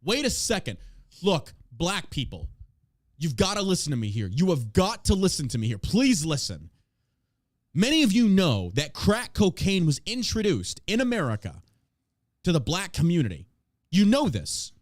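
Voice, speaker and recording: A man's voice: high-pitched, wildly swooping pitch, normal speed, no room sound, studio quality. A man hosting a podcast, ranting in a profane, sarcastic, casual way about politics. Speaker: podcast host.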